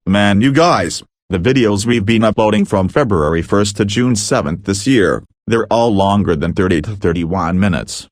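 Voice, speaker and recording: A male text-to-speech voice playing a friendly cartoon man, read in a steady computer manner. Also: fairly low pitch, normal speed, few pauses, no room sound, clean studio sound, natural voice.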